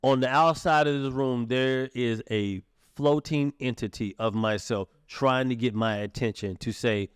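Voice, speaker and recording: A man talking loosely on a podcast in a mid-pitched voice. He is animated and swears often, now and then acting out the voices in his head. The sound is dry and close. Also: unhurried, few pauses, smooth, no room sound. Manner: animated, swears freely, acts out inner voices. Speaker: podcast host. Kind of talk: casual chat.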